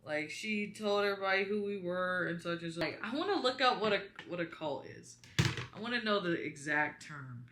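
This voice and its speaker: A young woman with a bright, crisp voice chats to her viewers while doing her makeup, wandering off into lively asides. She sits in a small room at home by a window, talking toward her camera, and the bare walls give her voice a roomy ring. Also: lowish voice, moderate pace, slight background noise. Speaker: beauty vlogger. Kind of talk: casual storytime chat while doing makeup. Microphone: camera in front of her.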